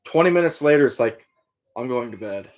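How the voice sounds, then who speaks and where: This middle-aged man from Iowa, a trapper and hunter, runs a casual livestream and responds to viewer comments in a loose, rambling style full of fillers. He speaks briskly and animatedly at a medium pitch.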